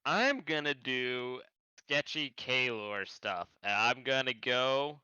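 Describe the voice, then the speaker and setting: A man's voice: mid-range voice, lively intonation, takes it slowly, bright, forceful tone, smooth, no room sound. A man playing a tabletop game, describing his character's plans in a playful, sly way. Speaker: player. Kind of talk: casual chat at a tabletop game. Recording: dry, dull mic.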